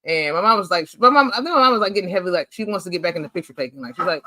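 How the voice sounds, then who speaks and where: A man hosting a casual chat over family photos, animated and playful, rambling with lots of "like". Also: sits high, very fast, slight background noise. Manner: rambling, chatty, heavy use of "like". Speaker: host.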